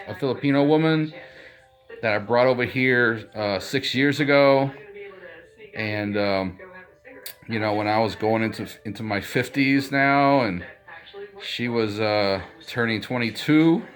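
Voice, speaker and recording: A man's voice: lowish voice, fairly bright tone. A man in his fifties chatting casually to his channel, rambling with lots of fillers and restarts. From United States. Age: 50s. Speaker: vlogger. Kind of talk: casual chat.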